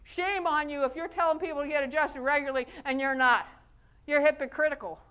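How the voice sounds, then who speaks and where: High-pitched woman giving a motivational talk, folksy and animated, laughs a lot, acts out what people said. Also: fairly quick. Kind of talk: motivational speech to an audience.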